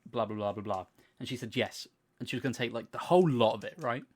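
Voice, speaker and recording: A young man with a mid-range voice, chatting on a podcast. He tells long stories in an animated way and swears freely. He slips into other people's voices to act out what they said. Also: medium pitch, quick pace, slightly rough. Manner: animated storytelling, swears freely, acts out quotes. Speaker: podcast co-host. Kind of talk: casual chat.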